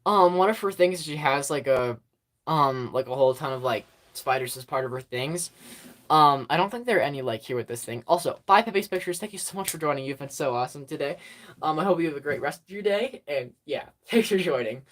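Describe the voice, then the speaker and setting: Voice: medium pitch, lively intonation, a little fast, a bit bright. A livestream host chatting casually with viewers into a phone, rambling with many fillers and frequent giggles.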